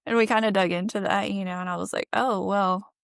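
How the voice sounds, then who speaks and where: A woman's voice: mid-range voice, steady tone, brisk, creaky, no echo, clean studio sound. A woman guest on a podcast, telling her story in an earnest, reflective way and laughing often. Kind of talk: candid conversational storytelling.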